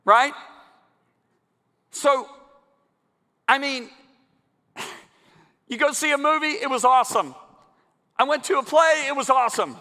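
A man preaching a sermon to a congregation in a large church, emphatic and building to loud climaxes. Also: very high voice, slow pace, long pauses. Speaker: guest preacher. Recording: long church hall reverb.

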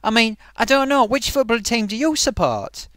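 Lively, rambling man vlogging. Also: very high-pitched, normal speed, no room sound, clean studio sound. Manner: rambling, with many ums and restarts. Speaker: vlogger host. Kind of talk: casual comedy vlog chat.

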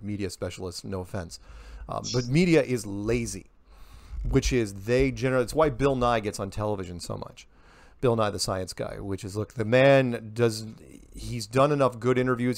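Animated man answering interview questions. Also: fairly low pitch, gravelly, dry recording. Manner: animated, talks in rhetorical questions and quips. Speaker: interview guest.

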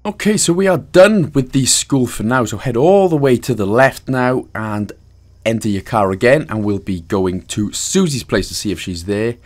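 A man's voice: medium pitch, lively intonation, moderate pace, a little mellow. Jokey Welsh man narrating a game guide. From Wales. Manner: jokey, self-mocking asides. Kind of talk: casual voice-over game walkthrough.

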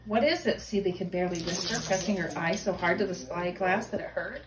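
A woman reading a novel aloud with lively expression. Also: lowish voice, a little fast, echoey room, noisy background.

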